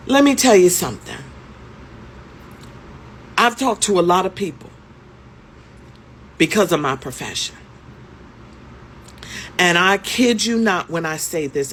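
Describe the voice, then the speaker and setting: A woman's voice: on the low side, a little hiss or hum. A woman in her fifties telling a story to camera in a casual way, emphatic, repeating her points and asking rhetorical questions. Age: 50s.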